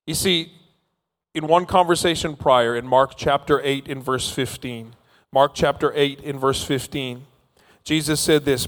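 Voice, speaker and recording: A man's voice: mid-range voice, fairly even intonation, a little slow, a bit bright. A man preaching a sermon, telling stories playfully and acting out the scenes. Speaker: pastor. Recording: long reverb of a large hall.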